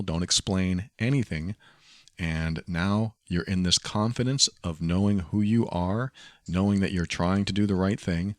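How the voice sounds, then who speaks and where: A man hosting a podcast, giving calm, coaching advice and repeating key phrases. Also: low voice, no room sound, studio quality. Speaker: podcast host. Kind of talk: advice monologue.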